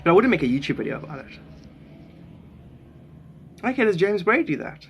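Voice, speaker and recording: A man's voice: fairly high pitch, very animated, fast talker, long pauses, husky. A man from South Africa with a South African accent, chatting casually on a live stream, greeting viewers by name and musing aloud in a rambling way.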